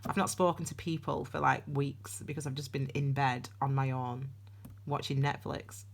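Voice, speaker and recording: This young woman reads tarot alone to camera in a bass voice with vocal fry, keeping a level tone at normal speed. She rambles casually, interrupting herself and starting sentences again and again.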